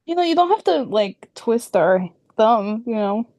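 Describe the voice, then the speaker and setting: A woman's voice: fairly high pitch, sing-song, a little slow, a little mellow. A young woman co-hosting a podcast, bubbly and chatty in casual conversation. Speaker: podcast co-host. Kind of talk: casual chat.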